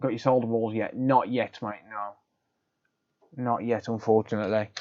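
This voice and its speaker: This lowish, steady male voice is a little fast and darkish, heard through dull audio. He's chatting on a live repair stream, responding to viewers and describing each step matter-of-factly with frequent ums.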